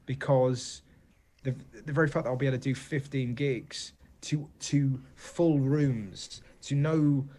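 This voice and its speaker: Animated English man telling stories. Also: mid-range voice, unhurried. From England. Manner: animated storyteller, repeats "do you know what I mean". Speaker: comedian guest. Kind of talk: casual interview chat.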